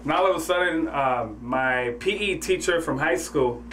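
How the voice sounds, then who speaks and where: A man hosting a radio show, talking with an energetic, loud hype-man delivery. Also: fairly high pitch, moderate pace, roomy sound, distant mic, noisy background. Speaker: radio host. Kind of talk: hyped radio show banter.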